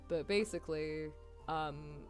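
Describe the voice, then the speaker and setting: A young British woman streaming, her voice sitting a touch low for a woman. She chats casually in an animated, rambling way and laughs easily, with faint music underneath. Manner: chatty and animated, with frequent laughs and apologies. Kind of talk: casual chat.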